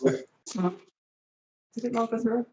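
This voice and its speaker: A woman's voice: fairly high pitch, steady tone, drawn-out words, darkish tone, a little hiss or hum. A woman playing in a tabletop game, animatedly describing what her character does. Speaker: player. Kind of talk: casual game chat.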